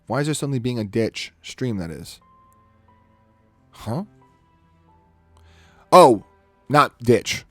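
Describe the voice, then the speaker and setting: A man talking casually on a live stream as he edits photos, narrating each step aloud in a chatty way. His pitch swings widely as he goes, with faint music playing behind him. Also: animated, a bit bright. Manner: chatty, talks himself through each step, quick laughs.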